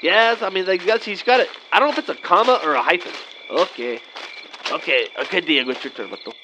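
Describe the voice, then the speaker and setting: Fast and high-pitched, a man in his thirties works through an improvised comedy sketch using a chill slacker drawl, with "man" and "vato" in nearly every line. Dull lo-fi audio picks up faint noise from the night.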